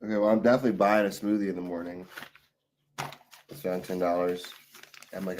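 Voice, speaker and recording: A man's voice: deep voice, steady tone, a little fast, long pauses, a little mellow, slight background noise. A tired man streaming live, chatting loosely with his viewers and telling rambling, profane stories. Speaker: livestreamer reading chat. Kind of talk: casual rambling chat.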